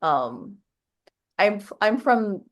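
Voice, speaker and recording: A woman's voice: medium pitch, sing-song. Young woman host, hesitant and filler-heavy. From US Northwest. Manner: halting, full of "like" fillers. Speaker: podcast host. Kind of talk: casual interview chat.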